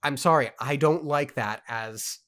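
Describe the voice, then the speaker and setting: A man on a casual book club show, reading passages aloud and breaking off to react. He talks emphatically and stammers when he gets worked up. His voice sits at a middling pitch. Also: a little slow, fairly bright tone.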